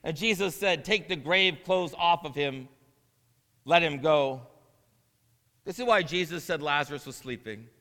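Guy preaching in a church, kinda high voice, long echoey reverb. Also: unhurried, pauses often, fairly bright tone. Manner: earnest, conversational asides building to emphatic proclamation. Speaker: interim pastor. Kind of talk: sermon with scripture reading. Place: church sanctuary.

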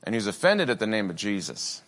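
A man's voice: lowish voice, sing-song, quick pace, a bit bright, long reverb tail. A man preaching a sermon in a conversational way, with many asides and fillers. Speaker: pastor.

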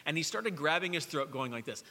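A middle-aged man, a pastor preaching a sermon in a church, speaking earnestly, dropping to a hush and then rising to emphasis. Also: fairly high pitch, lively intonation, a little fast, big-room sound. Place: church sanctuary during worship.

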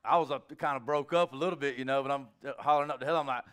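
Middle-aged preacher guy, chatty sermon, gets all fired up, smooth clear voice. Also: fairly high pitch, very fast, few pauses. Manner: conversational storytelling, bursts of excitement. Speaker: pastor. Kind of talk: informal sermon.

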